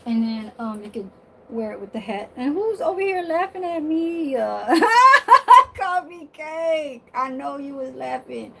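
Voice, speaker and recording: A woman's voice: sits high, expressive, normal speed, creaky, slight background noise, rough recording. A woman vlogger chatting casually to her viewers from her bedroom, sassy and blunt, swearing freely and laughing often.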